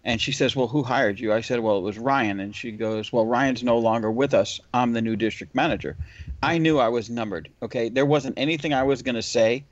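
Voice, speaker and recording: Lo-fi animated storytelling man. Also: medium pitch, a little fast, no echo. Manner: animated storyteller acting out dialogue. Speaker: window cleaner, podcast host. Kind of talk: casual storytelling chat. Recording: dull lo-fi audio.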